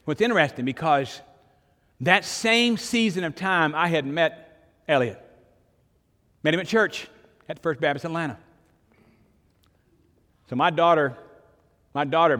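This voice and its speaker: A man's voice: mid-range voice, a bit bright, in a large hall. An older man, preaching a sermon in a conversational storytelling way, with sudden emphatic rises. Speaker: pastor.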